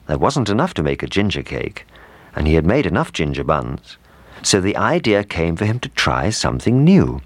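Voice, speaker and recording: A man reading a fairy tale aloud with clear, expressive delivery. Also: low-pitched, no echo. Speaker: storyteller.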